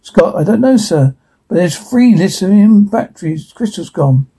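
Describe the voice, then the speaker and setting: A man's voice: high-pitched, expressive, unhurried, warm tone, husky, heavily acted. A man reading the part of a dutiful male ship engineer reporting to his captain. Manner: reporting to a superior.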